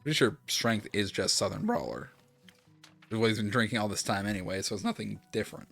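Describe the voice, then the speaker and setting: Drowsy low-key game streamer. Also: animated, quick pace, vocal fry, a bit bright. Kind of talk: casual let's-play commentary. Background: faint game music.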